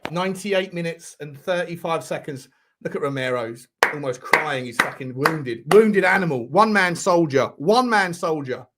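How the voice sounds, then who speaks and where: Host: man, high voice, live match reactions with lots of shouting and swearing. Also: normal speed, heavy background noise. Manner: excitable, shouts at players, swears a lot. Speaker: football watchalong host. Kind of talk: live football watchalong commentary.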